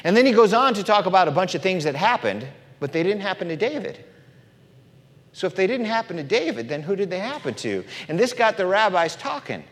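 A man giving an animated, emphatic sermon, teaching about the Bible. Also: high voice, brisk, big-room sound. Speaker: preacher.

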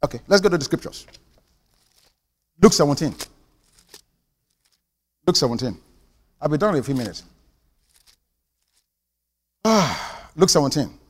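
A man's voice: a little high, big pitch swings, measured pace, pauses often, slightly rough, in a large hall. A man preaching a sermon as pastor, emphatic and calling for amens from the congregation. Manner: emphatic preaching with call-and-response.

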